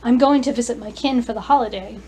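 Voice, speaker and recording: A woman's voice: fairly high pitch, fast, a little mellow, slight background noise, lightly acted, rough recording. A woman voicing a courteous Welsh dragon. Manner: formal, polite phrasing. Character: friendly male dragon, proud, courteous.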